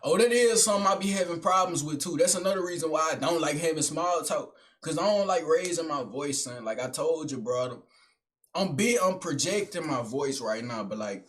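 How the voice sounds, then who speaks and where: A young man doing a comedic monologue in which he talks to himself in slangy, profane speech, swinging between loud projecting and low mumbling. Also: normal speed. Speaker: skit creator.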